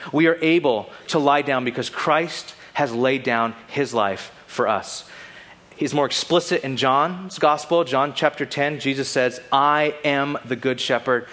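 A male pastor preaching a sermon, animated and acting out the quoted lines. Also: medium pitch.

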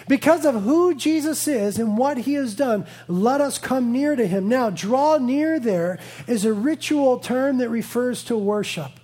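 A man's voice: very high voice, unhurried, darkish tone. A man in his thirties, a pastor preaching a sermon, telling a family story with playful asides and earnest conviction.

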